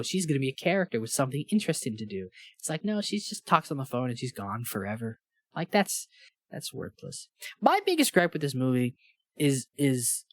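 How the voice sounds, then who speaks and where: A man co-hosts a laid-back movie review podcast, chatting eagerly about films and rambling with frequent restarts. His voice is medium in pitch, and the studio-quality recording has no echo.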